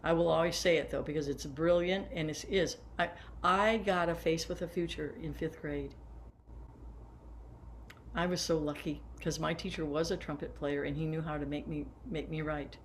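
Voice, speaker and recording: A woman's voice: low-pitched, steady tone, moderate pace, a little hiss or hum. A woman in her seventies, a band teacher, sitting down and talking teachers through posture and breathing exercises step by step. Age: 70s. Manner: warm, hands-on, guiding listeners through exercises. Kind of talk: workshop lesson for teachers. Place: seated.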